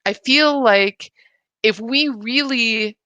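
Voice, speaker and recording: A woman hosting a spiritual practice talks slowly and earnestly, pausing and restarting as she reflects. Her voice is bright and forward. The sound is close and dry. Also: on the high side, no room sound. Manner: earnest, slow and emphatic with restarts.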